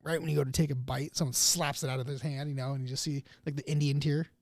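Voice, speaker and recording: A man's voice: fairly high pitch, fairly even intonation, quick pace, gravelly, darkish tone, no room sound, studio quality. A young adult man co-hosting a podcast in casual chat, joking and cursing with frequent laughter. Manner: joking, profane, riffing with a laugh. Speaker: podcast co-host.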